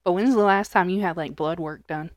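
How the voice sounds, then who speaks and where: A woman's voice: on the low side, a little fast, no room sound, clean studio sound. A woman co-hosting a casual podcast, talking in a blunt, teasing and crude way and laughing often. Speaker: podcast co-host. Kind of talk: casual chat.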